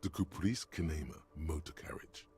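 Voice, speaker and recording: An actor playing the game's omniscient narrator, speaking in slow, deliberate scripted narration. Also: male voice, very deep voice, darkish tone, soft background music. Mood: grave. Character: deep, omniscient male game narrator.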